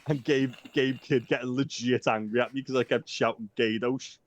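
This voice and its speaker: On a casual chat podcast, this co-host speaks in a steady, mid-range voice at normal speed. He jokes around and rambles, heavy on swearing and ums, and the sound is dry, dull, and lo-fi.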